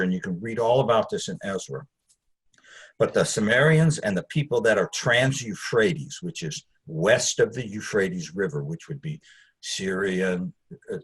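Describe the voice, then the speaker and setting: A man's voice: on the low side, slightly rough. A man teaching a Bible study, conversational and digressive, with asides to his listeners.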